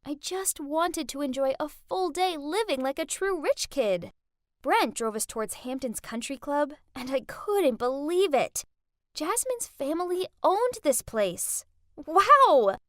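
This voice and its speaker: A woman tells a first-person animated story in the voice of a dramatic teenage girl. Her pitch is high and swings widely. The sound is dry and close to the mic. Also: a little slow, dry recording. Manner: expressive, dramatic teen voice. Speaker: narrator.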